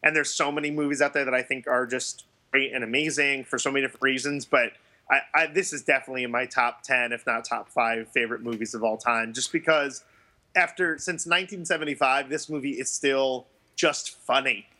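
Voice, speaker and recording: A man's voice: mid-range voice, steady tone, fairly quick, pushed and bright. A man hosting a podcast, chatting casually and enthusiastically about a favorite film. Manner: enthusiastic, laughs often. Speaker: podcast host. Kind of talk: casual chat.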